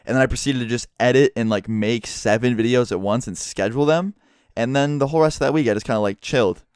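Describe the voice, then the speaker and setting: A man's voice: mid-range voice, quick pace, darkish tone, smooth, dry recording, studio quality. A young man telling a story to his viewers in a casual, rambling way, swearing often and filling gaps with "like". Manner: profane, rambling, heavy use of "like". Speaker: YouTuber.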